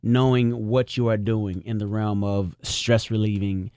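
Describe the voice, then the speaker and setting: A man's voice: on the low side, steady tone, unhurried, warm tone, smooth, no echo. A man chatting casually as an interview guest on the radio, laid-back and slangy, often laughing.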